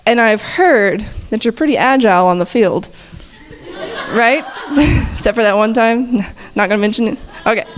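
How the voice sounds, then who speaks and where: A woman's voice: fairly high pitch, moderate pace. A woman hosting a chapel-service panel, asking playful, teasing questions on a handheld mic and laughing often. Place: campus chapel gathering. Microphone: handheld mic shared with guests.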